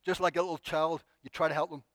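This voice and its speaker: A man preaching a sermon, acting out pleading prayers with expressive, dramatic delivery. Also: fairly high pitch, quick pace, no echo.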